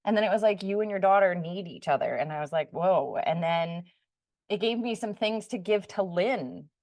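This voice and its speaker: A woman's voice: on the low side, lively intonation, moderate pace, darkish tone, no echo. A woman co-hosting a podcast, earnestly telling a personal story and acting out the remembered dialogue in casual chat. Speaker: podcast co-host.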